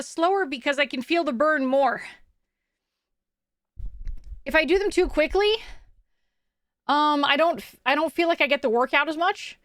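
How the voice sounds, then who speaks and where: A woman's voice: high voice, fairly bright tone, no room sound, studio quality. A woman streamer in casual live-stream chat, bubbly and chatty, answering her chat aloud. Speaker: VTuber streamer.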